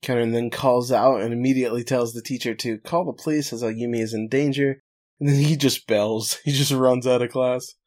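A man's voice: mid-range voice, fairly even intonation, moderate pace, a little mellow. Man casually recapping a cartoon episode. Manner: narrates plot, then jokes and laughs. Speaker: podcast host recapping an anime episode.

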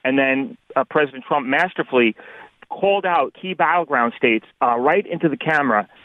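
A man's voice: medium pitch, normal speed, no room sound. A man in his fifties from New York calling in to a radio show, earnest and formal, hesitating with many fillers. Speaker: caller. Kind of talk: phone-in caller. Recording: tinny phone line.

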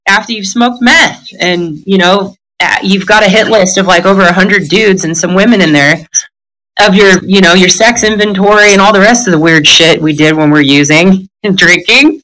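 A middle-aged woman talks candidly in a conversation, her voice bright and forward. She is blunt and profane, laughing as she goes and acting out other people's lines as she tells her story. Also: mid-range voice, moderate pace, a little hiss or hum, rough recording. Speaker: guest telling her recovery story.

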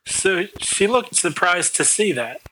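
A man's voice: sits high, very animated, unhurried, bright, forceful tone, husky, rough recording. A man co-hosting a podcast, chatting casually and jokingly while watching a movie with a remote partner. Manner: joking, laughs often. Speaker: podcast co-host. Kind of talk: casual movie commentary chat.

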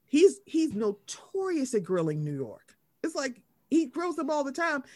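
A woman in a casual chat. Her pitch sits a little high and swings widely as she talks. She speaks emphatically and slips into acting out what others said. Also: measured pace. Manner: emphatic, animated, acts out quotes, Southern US slang. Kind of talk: casual chat about reality TV.

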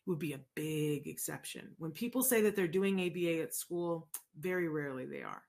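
A woman hosting a casual live chat, answering viewers in an animated, conversational way and often checking in with "right?". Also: low-pitched, fairly quick, gravelly. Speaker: host answering viewer questions.

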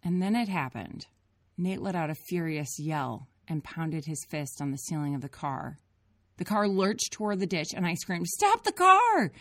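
A woman's voice: sits low, normal speed, no echo, clean studio sound. A mother reading her own memoir aloud in an earnest, reflective storytelling manner. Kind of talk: memoir audiobook narration.

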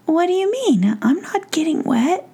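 A woman's voice: very high voice, very animated, unhurried, gravelly, warm tone, voice pushed up, exaggerated voice. A woman voicing a worried, fussy male fairy prince in a hesitant, musing manner as whispered role-play. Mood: puzzled.

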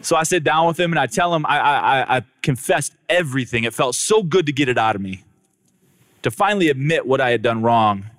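A man gives his personal testimony to a crowd, addressing them directly and dramatically acting out the dialogue. His medium-pitched voice is expressive, a little fast, and fairly bright, with no echo.

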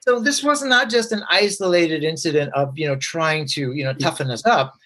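A man appears as a guest and tells a personal story with lots of energy, acting out the voices of the people he quotes and using many fillers. His voice sits a little high, and he talks at a normal speed.

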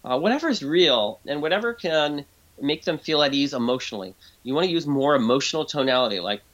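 In this interview, a male guest expert talks in an animated, chatty style, often starting sentences over and imitating the voices of people he quotes. His pitch is fairly high and his delivery is fast. The recording sounds muffled.

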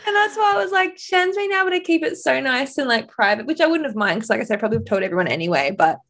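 A woman chatting casually as co-host, telling stories animatedly and acting out quoted lines with big jumps in pitch. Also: animated, racing, a bit bright. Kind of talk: casual chat.

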